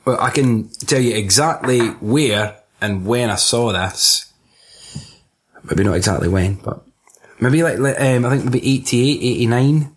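A man's voice: medium pitch, measured pace, slightly rough. A man in casual film chat on a podcast, swearing, laughing often and quoting scenes in silly voices.

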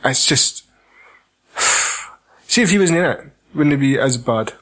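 A man's voice: mid-range voice, takes it slowly. A Scottish man in casual, sweary film chat, ranting and laughing. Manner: sweary, laughing, animated rants.

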